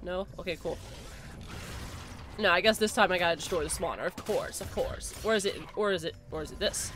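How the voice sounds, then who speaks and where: A woman streams a game live in a brisk, slightly bright voice that sits on the low side. She chatters and reacts as she plays, rushing through repeated phrases and shrieking whenever things go wrong.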